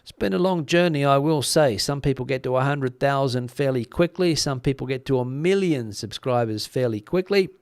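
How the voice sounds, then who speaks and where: A man's voice: medium pitch, moderate pace, hardly any pauses, smooth, dry recording. Guy hosting a live stream, chatty and easygoing, lots of uhs, voice a bit worn, dry close sound. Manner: relaxed, chatty, frequent uh fillers. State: slightly worn voice. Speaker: YouTube news channel host. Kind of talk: live stream chat with viewers.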